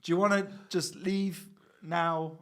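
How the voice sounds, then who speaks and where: Young man, podcast co-host, high bright tone, chatty and quick to laugh. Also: fairly even intonation. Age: young adult. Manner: chatty, laughs often, recounts scenes with quoted voices. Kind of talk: casual banter.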